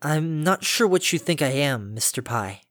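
A man's voice: a little high, lively intonation, normal speed, fairly bright tone, no echo, studio quality. A man voicing a nervous young female pegasus in a storybook reading, awkwardly polite and hesitant. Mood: flustered.

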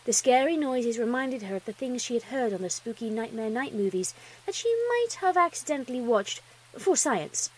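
Woman narrator, storybook reading, lively pitch, slightly husky. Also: moderate pace, low-quality recording.

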